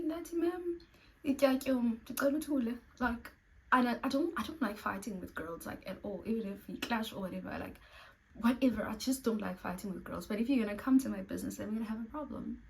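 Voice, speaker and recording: A woman's voice: fairly high pitch, low-quality recording. A young South African woman from Cape Town tells a storytime vlog casually, bluntly and with lots of animation, swearing and acting out what people said. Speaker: storytime vlogger.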